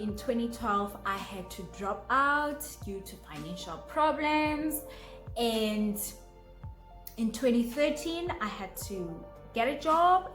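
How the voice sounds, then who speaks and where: A young South African woman vlogging to camera, bubbly and giggly, with sudden high exclamations. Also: fairly bright tone, roomy sound. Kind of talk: casual chat to camera.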